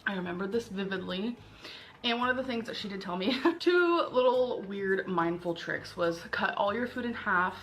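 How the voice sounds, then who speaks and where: A woman food vlogger talking casually to the camera in a rambling, relaxed way. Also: mid-range voice, normal speed. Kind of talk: casual vlog talk to camera.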